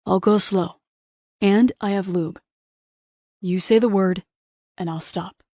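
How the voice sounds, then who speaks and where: A woman voicing a gentle, patient young man as a lover in an audiobook, speaking softly and reassuringly. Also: mid-range voice, steady tone, slow, no echo, studio quality. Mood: tender. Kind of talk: audiobook character voice.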